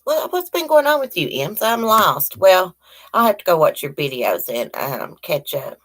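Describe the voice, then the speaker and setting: A woman's voice: lowish voice, sing-song, normal speed, a bit bright. A middle-aged woman from Virginia, hosting a casual live chat and greeting viewers by name in a rambling, chatty way. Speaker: livestream host.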